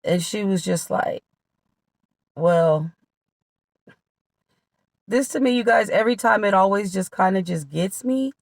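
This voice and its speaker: A woman talks straight to her viewers, telling her own life story with blunt honesty and loose, everyday phrasing. Her voice sits at a middle pitch. The sound is dry and close, with no room echo. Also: a little fast, gravelly, hardly any pauses. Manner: candid, conversational, drops into quoted voices of relatives. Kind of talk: casual storytelling testimony.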